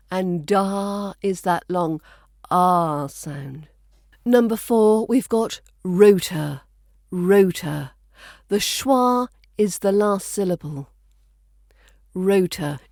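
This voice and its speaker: A woman with a southern English RP accent teaching pronunciation, repeating each model word slowly and carefully. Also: medium pitch, a little mellow, no room sound, studio quality. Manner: slow, deliberate, repeats model words. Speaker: accent coach. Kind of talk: pronunciation lesson.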